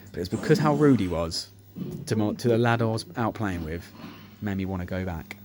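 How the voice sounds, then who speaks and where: A man's voice: lowish voice, fast. Sweary man telling slot stories. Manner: sweary, animated anecdotes, acts out quotes. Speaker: slot machine YouTuber. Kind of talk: casual storytelling over gameplay. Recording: music playing behind the voice.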